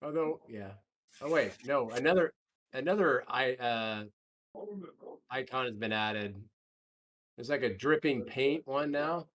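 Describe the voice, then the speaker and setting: A man playing in a tabletop game, reacting with quick jokes. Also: medium pitch, fairly bright tone, rough recording. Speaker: player. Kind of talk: casual game chat.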